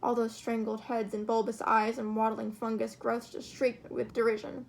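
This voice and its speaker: A woman reading a short story aloud in an expressive, steady storytelling manner. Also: on the high side, normal speed, gravelly, slight background noise. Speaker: reader.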